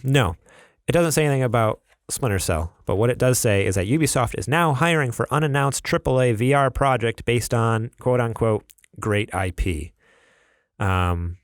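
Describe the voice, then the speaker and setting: A man's voice: on the low side, no echo, studio quality. A young adult man co-hosting a gaming podcast, laid-back and chatty, laughing often and reading news with lots of ums. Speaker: podcast co-host. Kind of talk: casual podcast chat.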